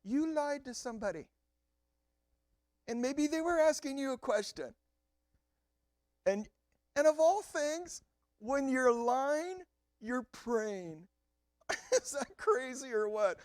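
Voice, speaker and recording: A male pastor delivering an animated sermon and talking straight to his congregation. His voice rises and falls a great deal, and he takes his time with each phrase. The recording is dry, with little room sound. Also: very high-pitched, slow, long pauses, dry recording.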